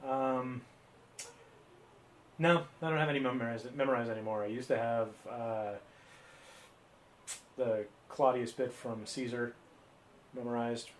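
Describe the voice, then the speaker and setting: A man co-hosting a live podcast, rambling loosely and joking at his own expense while he fills dead air. His voice sits at an ordinary middle pitch, with a faint hiss of noise behind it. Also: steady tone, unhurried, pauses often. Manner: rambling and self-mocking. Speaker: podcast co-host. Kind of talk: casual live-stream chat.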